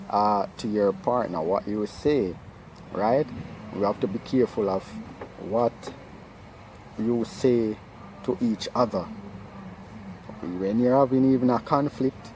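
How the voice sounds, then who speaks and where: A man speaks in an informal advice talk on relationships. His voice is warm and darker in tone. He circles back over his points, repeats himself, and keeps checking in with his listeners. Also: mid-range voice, a little hiss or hum, rough recording. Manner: earnest, repetitive, keeps asking "right?".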